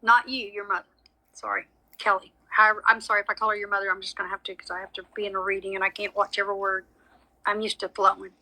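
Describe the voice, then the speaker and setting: A woman's voice: mid-range voice, little pitch movement, fast talker, sharp tone, rough recording. A woman giving a live psychic reading, chatty and frank with frequent apologies. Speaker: psychic medium. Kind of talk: live social media reading.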